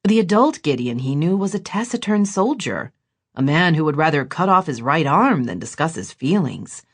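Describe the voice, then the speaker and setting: A woman narrating an audiobook in expressive, scripted storytelling. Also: low voice, moderate pace, husky.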